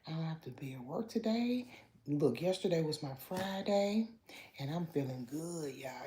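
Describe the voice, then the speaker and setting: A woman hosting a casual morning livestream from home, greeting viewers by name and chatting with some sass, now and then dropping to a low voice. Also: warm tone. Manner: talks low at times so as not to wake the house. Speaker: livestream host.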